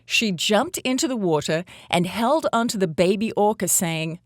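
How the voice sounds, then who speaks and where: A woman reading a children's story aloud in an animated storytelling voice. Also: medium pitch, normal speed, dry recording, clean studio sound. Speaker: storybook reader.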